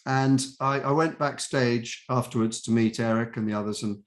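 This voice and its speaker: An older man telling show-business stories in a chatty, animated way as an interview guest. His voice sits at an ordinary middle pitch, and he often slips into brief quoted voices while he talks. It is easygoing conversational storytelling. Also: moderate pace. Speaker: actor guest. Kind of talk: interview anecdotes.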